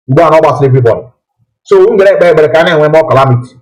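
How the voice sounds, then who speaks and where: A man's voice: fairly high pitch, racing, a little mellow, low-quality recording. A man hosting a live political call-in broadcast, talking emphatically with repeated rhetorical questions.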